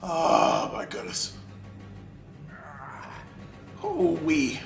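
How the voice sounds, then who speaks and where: A man's voice: fairly high pitch, huge pitch swings, very slow, creaky. A man playing a horror game and talking through it, cursing, yelping and muttering to himself as he runs from danger. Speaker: let's play gamer. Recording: roomy echo with game music.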